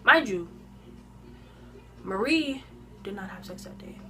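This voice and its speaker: 21 yo girl spilling a story with lots of slang, eating while she talks, bright clear voice, phone cam. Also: mid-range voice, takes it slowly, faint music behind. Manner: animated, slang-heavy retelling. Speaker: vlogger. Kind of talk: casual storytime. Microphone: phone camera.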